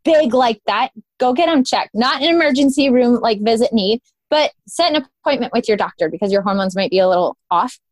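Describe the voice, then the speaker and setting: A woman's voice: a little high, expressive, brisk, few pauses, dry recording. A woman speaking as a guest on a casual podcast, explaining things in a chatty, informal way full of "like" and "um". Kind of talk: casual conversational interview.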